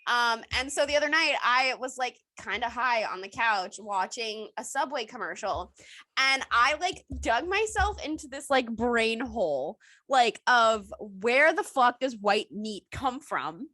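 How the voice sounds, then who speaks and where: A young woman co-hosts a casual podcast in a bright, fairly high voice. She rambles from story to story, swears freely and keeps breaking into laughter. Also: lively intonation, unhurried, dry recording. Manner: profane, rambling, laughs often. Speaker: podcast co-host. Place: outdoors at her mother's home. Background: dog barking and squirrel noises.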